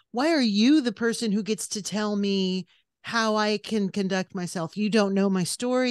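A woman's voice: medium pitch, no room sound, clean studio sound. A woman podcast host in casual chat, ranting bluntly and swearing freely.

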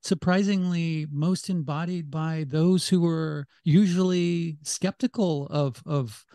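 Man, podcast guest, thinks out loud, halting, slightly high voice, dry sound. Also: fairly even intonation, no echo. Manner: thinking aloud, halting restarts. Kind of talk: casual podcast chat.

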